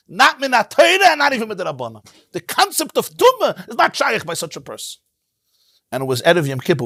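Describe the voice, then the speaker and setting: A man teaching a Torah class as a rabbi, in an animated, emphatic way, sprinkling in Hebrew terms. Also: high voice, no echo, clean studio sound. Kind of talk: lively Torah lecture. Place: synagogue.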